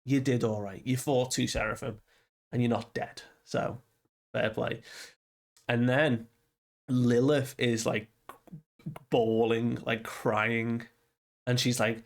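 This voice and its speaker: A man's voice: medium pitch, little pitch movement, slow, vocal fry, pauses often. A young man casually recapping a comic chapter, rambling and loosely quoting characters with lots of fillers. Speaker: manga reviewer.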